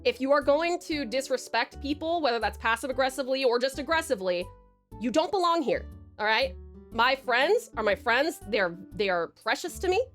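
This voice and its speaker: High bouncy woman streamer chatting w her chat, giggles a lot, lots of ums, faint music underneath. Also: lively intonation, moderate pace. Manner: giggly, chatty, warm toward chat, many fillers. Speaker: livestreamer. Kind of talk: casual livestream chat.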